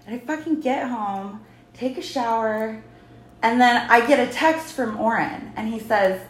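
A woman hosting a casual podcast, venting with lots of swearing in animated storytelling. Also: a little high, unhurried. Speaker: podcast host. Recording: echoey room.

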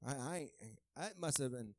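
A man preaching a sermon in a conversational, joking way, who swings from quiet asides to shouted, half-sung praise. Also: medium pitch, animated, normal speed, no room sound. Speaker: pastor.

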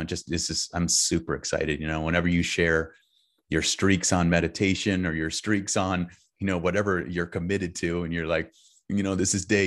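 A man talking as a guest author in a casual heartfelt conversation, upbeat and enthusiastic with easygoing slang. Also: low-pitched.

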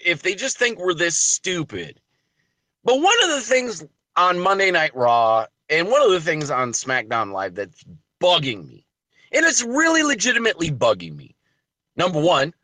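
A man's voice: high voice, sharp tone, no room sound. A man hosting a wrestling podcast, giving emphatic commentary full of rhetorical questions. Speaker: podcast host.

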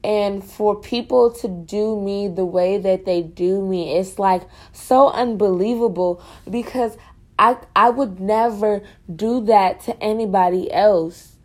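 A woman's voice: medium pitch, slow pace, a little mellow. A woman student venting in a casual, rambling monologue for her podcast, frustrated and full of fillers.

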